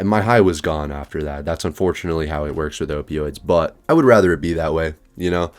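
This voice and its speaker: A young man telling a personal story to his vlog audience in a casual, slangy, profane way, full of asides and quick jokes. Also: low-pitched, a little mellow.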